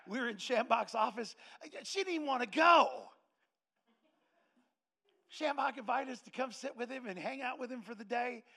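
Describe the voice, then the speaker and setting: A middle-aged man, a pastor, preaching a sermon in a lively anecdotal way and acting out the voices of people in his stories. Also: extremely high pitch, fairly quick, creaky, few pauses. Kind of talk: storytelling sermon.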